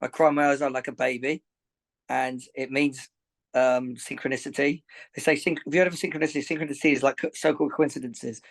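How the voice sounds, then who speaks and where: A man's voice: mid-range voice, steady tone, fairly quick, poor audio. A man, a boxing coach and gym owner, talks earnestly in a podcast interview, rambling, repeating himself and getting emotional.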